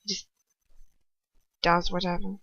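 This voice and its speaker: A woman voicing an anguished young man, talking quietly in a strained voice that slips into whispers, on a dull lo-fi recording. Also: fairly low pitch, level tone, a little slow, no echo.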